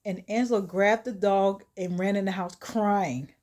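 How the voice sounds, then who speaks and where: A woman telling a horror short story in a chatty, animated, casual way. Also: mid-range voice, unhurried.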